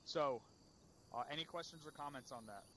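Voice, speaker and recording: A man's voice: fairly high pitch, normal speed, a bit bright, slight background noise. A man leading a game unit's after-action debrief, blunt and profane as he scolds. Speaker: unit leader.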